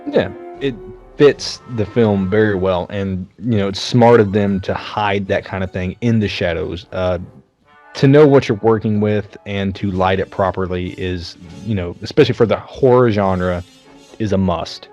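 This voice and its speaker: A man's voice: fairly low pitch, moderate pace, lo-fi sound, faint music behind. A man hosting a casual film review chat over beers, retelling scenes with lots of swearing. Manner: profane, lively scene-by-scene retelling. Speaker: podcast host.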